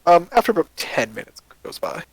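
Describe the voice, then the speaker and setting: A man's voice: fairly high pitch, very animated, brisk, slightly rough, no room sound, rough recording. A man narrates a tabletop game as game master. His talk is casual and loose, full of fillers, in a slightly raised voice. The recording is dry and close.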